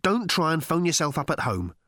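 An unflappable, worldly male traveller, as a narrator puts him on, who speaks in a dry, brisk, sardonic way. His voice sits a little above the narration and swings about with lively pitch. The audiobook sound is close and dry. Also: no echo, full character voice. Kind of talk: audiobook character voice.

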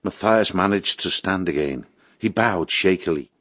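A man reading a storybook aloud in a steady, expressive voice. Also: low-pitched, moderate pace, no room sound, dull audio. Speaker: narrator. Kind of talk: storybook narration.

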